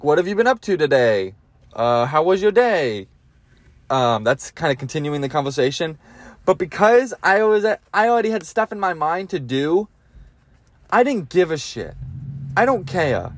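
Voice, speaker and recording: A man's voice: fairly high pitch, no room sound. A young man hosting a solo podcast, rambling crudely and mocking himself as he jumps from one tangent to the next. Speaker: podcast host.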